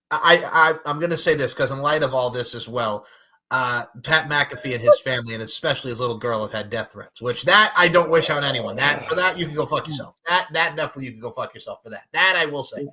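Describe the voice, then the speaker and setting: A man's voice: medium pitch, expressive, fairly quick, bright, forceful tone, low-quality recording. A man hosting a podcast, speaking in a heated, profane way. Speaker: podcast host. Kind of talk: casual podcast chat.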